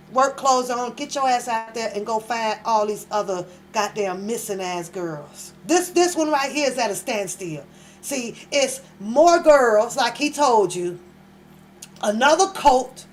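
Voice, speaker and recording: A woman with a high voice hosts a reaction show and talks straight into the mic. Her commentary is blunt, mocking and profane, and she hammers points by repeating phrases. A faint hum sits behind her. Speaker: reaction channel host.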